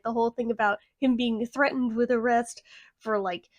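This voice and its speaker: A young woman talks through a movie review in a casual, blunt way, with plenty of sarcasm and swearing. Her voice sits a little higher than most, and the recording is dry and close with no room sound. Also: steady tone, normal speed, no echo.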